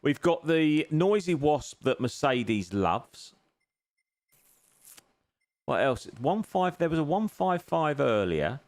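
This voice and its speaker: A man's voice: on the high side, big pitch swings, takes it slowly, pauses often. A man streaming a racing game, chatting with his viewers in a jokey, teasing way and thanking them as he goes. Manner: jokey, teasing banter, grateful to chat. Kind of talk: live-stream chat with viewers while racing. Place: home sim racing rig.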